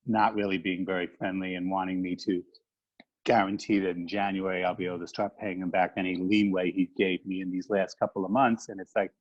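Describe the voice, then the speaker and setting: A middle-aged man, a business owner, asking a question on a webinar in a halting, earnest, emotional way with many fillers. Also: low-pitched. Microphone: video call. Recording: muffled lo-fi video call audio.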